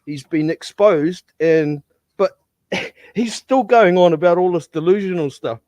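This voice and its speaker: A man's voice: sits high, unhurried, darkish tone, dry recording. A man in casual boxing chat, mocking and scornful.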